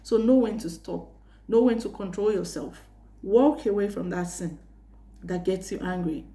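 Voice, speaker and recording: A woman's voice: medium pitch, mellow. Earnest woman giving a faith-based talk. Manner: earnest, teaching tone with rhetorical questions; cites Bible verses, frequent "um" pauses. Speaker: host giving life advice.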